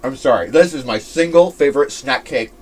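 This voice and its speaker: A young man co-hosting a casual snack-tasting chat, an animated storyteller who laughs as he talks. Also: mid-range voice, brisk. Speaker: co-host.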